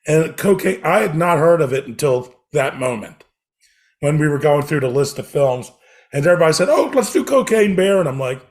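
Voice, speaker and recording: A man co-hosting a film podcast, chatting excitedly with many ums. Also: a little high, a little fast. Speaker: podcast co-host reviewing films. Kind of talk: casual chat.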